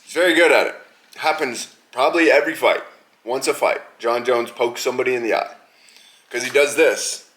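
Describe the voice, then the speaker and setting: A man's voice: medium pitch, a little fast, fairly bright tone. A man hosting a podcast, ranting angrily and mockingly, with heavy swearing. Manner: profane, heated, mocking. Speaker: podcast host. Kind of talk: angry rant.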